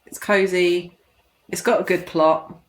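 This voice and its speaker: A woman talks in a relaxed, chatty way. Her voice sits a little low, and she comes across as an eager film fan on a casual podcast. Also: a little slow. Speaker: guest.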